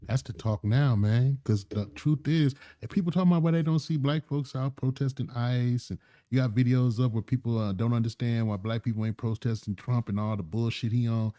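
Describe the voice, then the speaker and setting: A man's voice: mid-range voice, a little fast, hardly any pauses, mellow. A man hosting a commentary channel, talking bluntly and with heated profanity. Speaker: channel host. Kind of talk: casual commentary.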